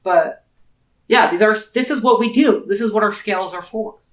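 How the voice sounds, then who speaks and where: This woman speaks at a moderate pace in a mid-range voice, co-hosting a casual book podcast. She's chatty and rambling, with lots of restarts, in an echoey room.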